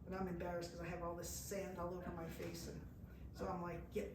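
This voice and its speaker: Speaking fast in a fairly low, monotone voice, an American woman tells a live travel story to an audience in an indoor event room. She acts out the people she quotes and laughs at herself, and the recording is distant and echoey with faint noise.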